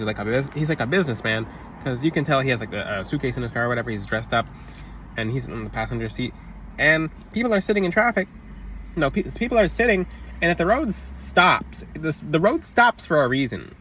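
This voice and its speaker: Man, lively rambling storyteller, lots of pitch swings, a bit off-mic, faint traffic noise outside. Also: distant mic. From Florida. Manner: animated, rambling, with self-interruptions and shouted re-enactments. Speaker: religious vlogger. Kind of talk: casual storytelling monologue.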